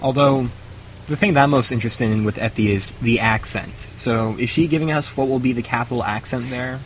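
A man's voice: medium pitch, a little fast, slight background noise, rough recording. A man in a casual group chat, talking in a thoughtful, dry way.

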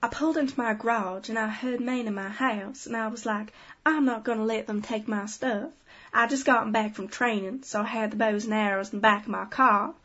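A woman's voice: fairly high pitch, steady tone, fairly quick, fairly bright tone, husky. A woman reading a quote aloud in a put-on Southern American drawl. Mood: playful. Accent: attempted Southern American. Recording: dull lo-fi sound.

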